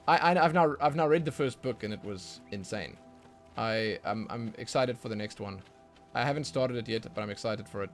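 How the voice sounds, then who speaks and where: A man streaming a game and chatting casually with his viewers, his talk rambling and full of stumbles and repeated words. He lurches into sudden excited bursts, while faint music plays underneath. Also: lowish voice, moderate pace. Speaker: livestreaming gamer. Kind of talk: casual livestream chat.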